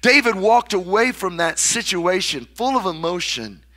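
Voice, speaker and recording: A man's voice: expressive, moderate pace, bright, forceful tone. A man preaching a sermon, dramatically acting out the words of the people he quotes. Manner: dramatic, acts out quoted voices with big swings in pitch and volume. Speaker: pastor.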